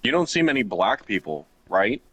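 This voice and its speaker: A man's voice: fairly low pitch, very animated, normal speed, fairly bright tone, no room sound. A young man from Ohio tells a long, crude story in a loose, rambling way, cursing freely. It sounds like casual chat between friends while a game runs.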